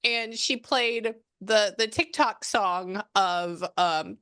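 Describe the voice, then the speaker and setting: A woman's voice: mid-range voice, fairly even intonation, takes it slowly, hardly any pauses, a bit bright, clean tone. A woman working as a psychic medium, talking casually through a reading and trailing off mid-sentence as she relays messages. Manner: chatty, relays and quotes at length, trails off mid-thought.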